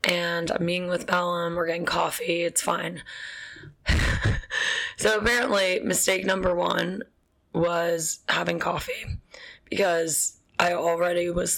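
Young woman vlogger, low flat voice with vocal fry, chatty and laughing through her story. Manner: chatty, frequent fillers and laughs, swears casually. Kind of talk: casual storytelling.

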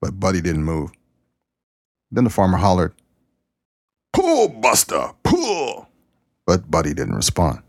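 A man playing a folksy old farmer in a spoken joke, calling out to his horse and then explaining himself calmly. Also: sits low, moderate pace, long pauses, dry recording, studio quality. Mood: hollering.

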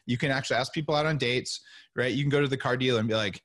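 A middle-aged man telling stories as a podcast guest, lively and acting out the voices of the people he quotes. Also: medium pitch, very fast, dry recording, clean studio sound. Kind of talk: animated storytelling interview.

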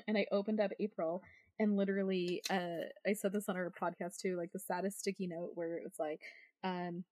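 A woman's voice: lowish voice, level tone, normal speed, darkish tone, no room sound. A woman who is a podcast guest, chatting casually with lots of fillers and frequent laughter, poking fun at herself. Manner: self-deprecating, laughs often, talks with many fillers.

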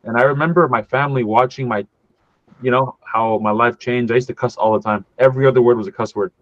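A man from California, a podcast guest sharing his faith testimony as a lively story, acting out the voices of the people in it and dropping in casual words like "dude" and "man.". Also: mid-range voice, quick pace, dry recording. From California, USA. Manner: animated storyteller who acts out quoted dialogue, casual with "dude" and "man". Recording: dull dry podcast audio.

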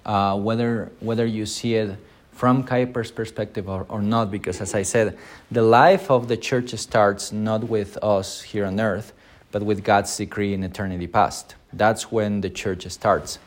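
A man's voice: on the low side, fairly even intonation, measured pace. A man, a pastor, teaching an unscripted Sunday School Bible lesson, with many filler sounds and quoted lines acted out in a raised voice.

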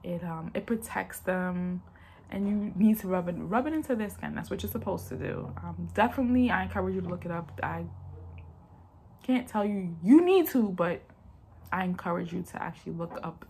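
A woman's voice: fairly low pitch, moderate pace, vocal fry, darkish tone, a little hiss or hum. A woman vlogger telling a personal story in a casual, rambling way and talking straight to her viewers.

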